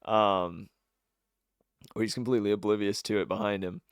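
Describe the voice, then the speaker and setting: A man's voice: lowish voice, fairly even intonation, smooth, no echo, clean studio sound. A young man narrating a tabletop game as game master, rambling with many fillers and restarts. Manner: rambling, halting, with frequent fillers.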